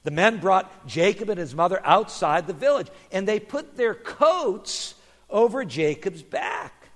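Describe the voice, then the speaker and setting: A man reading a children's story aloud in an expressive, animated way. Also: high voice, measured pace, in a large hall.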